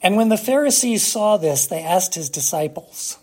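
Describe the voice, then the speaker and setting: A preacher giving a sermon, speaking emphatically with long dramatic pauses and rhetorical questions to the congregation. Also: medium pitch, expressive, a little mellow, husky.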